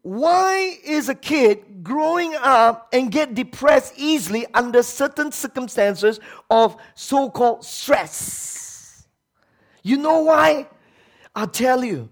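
A man's voice: very high voice, expressive, takes it slowly. A man preaching a sermon as pastor, emphatic, asking the congregation rhetorical questions and acting out quoted voices.

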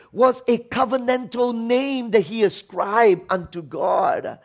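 High-voiced impassioned male preacher. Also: a little slow, gravelly, hardly any pauses. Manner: impassioned, swinging between shouted and hushed lines. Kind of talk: sermon.

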